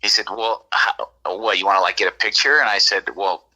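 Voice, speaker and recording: A man from California tells a story in a loose, rambling way, switching into the voices of the people he quotes. His voice sits a little low yet sounds strikingly bright and forceful. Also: fairly quick, rough recording. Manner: rambling, animated, acts out quoted dialogue. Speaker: guest telling an encounter story. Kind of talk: casual storytelling on a podcast.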